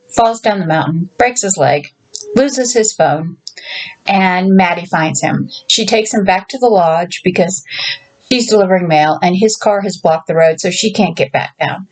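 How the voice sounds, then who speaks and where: A woman's voice: fairly low pitch, darkish tone, poor audio. Woman author reading her story aloud. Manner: casual asides between passages.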